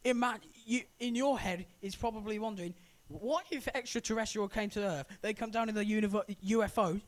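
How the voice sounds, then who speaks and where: A man co-hosts a casual podcast, explaining things in an emphatic, lecturing way. His voice sits high for a man, and there is a faint hiss of background noise. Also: a little fast. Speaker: podcast co-host. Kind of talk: casual chat.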